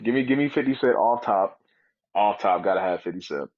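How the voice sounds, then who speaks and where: A man talking casually as a guest in an interview, joking and telling animated stories. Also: lowish voice, a little fast, no echo, highs cut off. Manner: joking, animated storytelling with comic voices. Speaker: wrestler guest.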